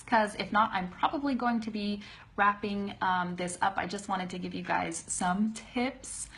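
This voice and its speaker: A young woman teaching a live online English pronunciation lesson, chatty and laughing often, slowly modelling words on a webcam. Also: medium pitch, a bit bright.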